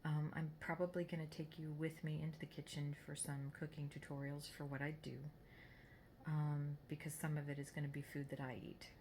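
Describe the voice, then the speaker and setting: A chatty middle-aged woman with a low voice talks into her phone camera, rambling about her day with plenty of ums and pauses. Faint room ambience sits behind her. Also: flat delivery, a little mellow, slight background noise. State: out of breath. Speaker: vlogger. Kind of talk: casual vlog chat.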